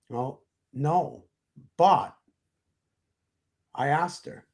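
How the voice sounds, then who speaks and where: A man being interviewed as a guest, telling a personal story slowly and reflectively, with frequent hesitations. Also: mid-range voice, steady tone, darkish tone. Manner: slow, reflective, hesitant with fillers.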